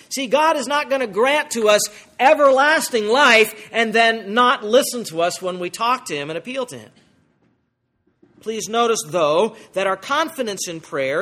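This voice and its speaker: A man preaching a sermon, explaining a Bible passage verse by verse, asking the congregation rhetorical questions and swinging between emphatic highs and soft lows. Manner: emphatic, wide swings in pitch and loudness. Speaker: pastor.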